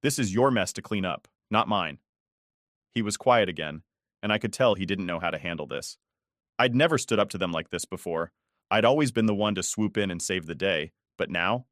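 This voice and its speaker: Man, story narrator, scripted first-person reading, steady, dry sound. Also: low voice, brisk, no echo.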